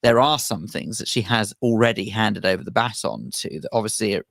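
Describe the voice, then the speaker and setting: Give me a well-spoken man co-hosting on the radio, polite and measured, with a dry studio sound. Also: fairly low pitch, gravelly, fairly bright tone, no room sound. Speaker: radio show co-host. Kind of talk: casual studio banter. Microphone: studio microphone.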